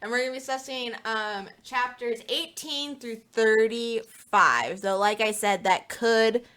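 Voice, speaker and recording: A woman with a fairly high voice hosts a casual chat show. She talks loosely, laughs often and fills her pauses with ums and uhs. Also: a bit bright. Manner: giggly, chatty, lots of um and uh. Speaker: podcast host.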